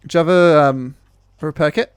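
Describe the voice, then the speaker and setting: A man's voice: on the high side, brisk, noisy background. A man hosting gameplay commentary with friends, joking and rambling through explanations. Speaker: gaming channel host.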